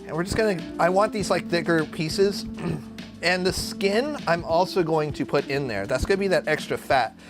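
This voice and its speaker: A man's voice: fairly high pitch, moderate pace. Brash, profane young man streaming a cooking session. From Arizona. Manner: brash, profane, jumps between topics. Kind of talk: casual live-stream cooking chat. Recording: music playing under the voice. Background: guitar music.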